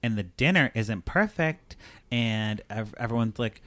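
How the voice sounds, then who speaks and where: A man's voice: fairly low pitch, animated, unhurried, a bit bright, no room sound. A man hosting a podcast, recapping a movie in a rambling, casual way with many fillers. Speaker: podcast host.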